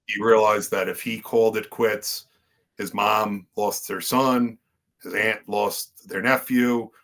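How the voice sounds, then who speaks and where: A man's voice: lowish voice, steady tone, slow, creaky, a bit bright. A man, a podcast guest and wrestler, telling his story in earnest conversational style with many fillers and restarts.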